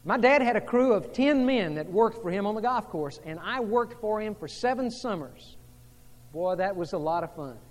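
A man preaching a sermon as pastor, moving between hushed, intimate passages and emphatic, rising delivery. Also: sits high, expressive, moderate pace, long reverb tail.

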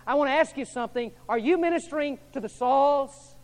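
A man preaching a sermon as pastor, swinging from hushed to loud and repeating his questions to the congregation. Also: very high voice, a little fast.

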